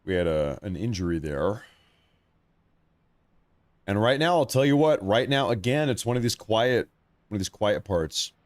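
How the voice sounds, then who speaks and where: A man in his thirties with a fairly low voice hosts a casual live stream. He rambles and repeats himself in an easy, conversational way. The sound is dry and close, with no room echo. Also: lively intonation, normal speed, long pauses.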